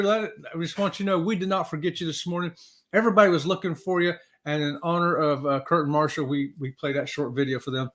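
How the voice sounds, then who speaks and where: Man, high voice, upbeat livestream host, casual chat, reads out comments, laughs a lot. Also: pushed and bright.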